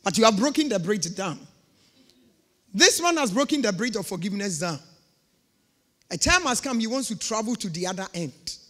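A woman's voice: medium pitch, expressive, moderate pace, pauses often, a bit bright. A woman pastor preaching a sermon with emphatic, repeated phrases. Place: church. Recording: long reverb of a church hall.

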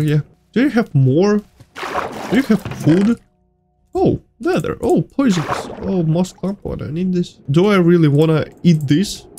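Excitable high-voiced man playing a horror game. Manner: excitable, yelps and laughs, non-native phrasing. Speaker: gaming YouTuber. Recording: faint music behind.

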